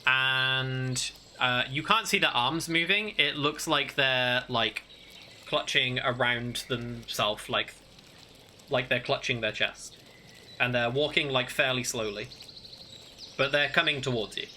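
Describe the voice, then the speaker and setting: Slow, halting male game master. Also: medium pitch, sharp tone, a little hiss or hum. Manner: hesitant, full of fillers. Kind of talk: narrating a tabletop game.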